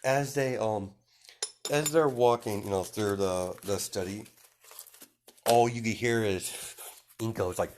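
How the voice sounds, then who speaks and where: Low-voiced man rambling through a story. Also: slow, long pauses, a little mellow, a little hiss or hum. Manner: rambling, full of "you know" and "um". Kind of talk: casual improvised storytelling.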